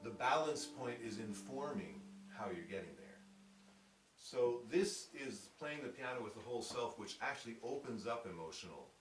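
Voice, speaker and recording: A man gives a piano lecture, working through his ideas in a thoughtful way. He sounds well back from the mic in a reverberant room, with some piano playing behind him. His pitch sits in the middle range. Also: expressive, moderate pace. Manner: thoughtful, demonstrates with acted-out quotes. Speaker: piano teacher. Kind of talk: lecture presentation. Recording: roomy sound from a distance with piano.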